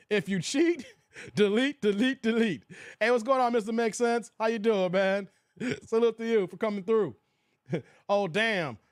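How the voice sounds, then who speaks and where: Man, live stream host, high voice, dry close sound, animated with lots of laughing. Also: no echo. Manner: animated, laughing, quoting movie lines. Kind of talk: casual live stream chat.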